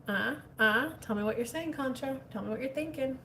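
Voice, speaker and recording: A woman hosting a casual livestream as a spiritual coach, reading viewer comments and answering in a chatty, animated way. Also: high-pitched, fairly quick, far from the mic, slight background noise. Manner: chatty, animated, drops into whispers.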